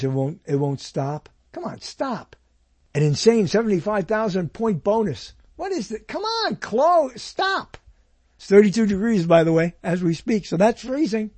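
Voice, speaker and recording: A man's voice: high voice, darkish tone, slightly rough, no echo. A man casually rambling to viewers as he goes through his email and junk mail, with sarcastic, grumbling asides. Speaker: vlogger. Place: at home at a computer.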